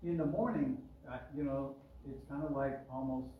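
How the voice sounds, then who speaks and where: A man's voice: medium pitch, fairly even intonation, normal speed, narrow, tinny audio, slight background noise. Echoey preaching man, heard from afar. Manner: conversational preaching, rising emphatic on key words. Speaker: pastor. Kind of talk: sermon. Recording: roomy echo, mic at a distance.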